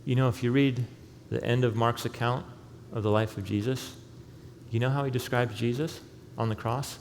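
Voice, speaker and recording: A man preaches in a church sanctuary, his mid-pitched voice ringing through a long hall reverb with a faint hum of room noise behind him. He tells the story with animation, slipping into the voices of the people he quotes. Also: steady tone, moderate pace. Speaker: pastor. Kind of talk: sermon.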